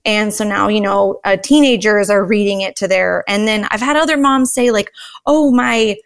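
A woman telling lively stories as a guest in a conversation, animated and chatty, often exclaiming. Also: medium pitch, normal speed, gravelly, clear, resonant tone. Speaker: guest, mother and author of a sign-language book. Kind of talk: conversational storytelling.

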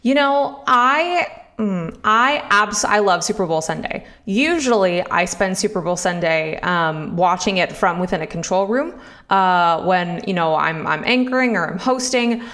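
A woman's voice: mid-range voice, lively intonation, measured pace, fairly bright tone. A woman co-hosting a sports talk show, chatty and enthusiastic, with plenty of fillers and teasing. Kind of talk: casual chat.

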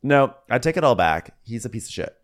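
A man's voice: mid-range voice, sing-song, quick pace. A man co-hosting a podcast, chatting casually and acting out quotes from a reality show. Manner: chatty, quotes people in put-on voices. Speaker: podcast co-host. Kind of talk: casual recap chat.

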